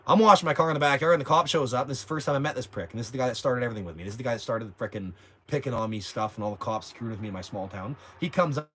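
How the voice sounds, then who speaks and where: A brash man in his forties rattles off a profane, rambling story at a quick clip, his voice sitting at an everyday middle pitch. He jumps into asides and back again, talking casually as host of his own livestream. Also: bright, forceful tone. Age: 40s.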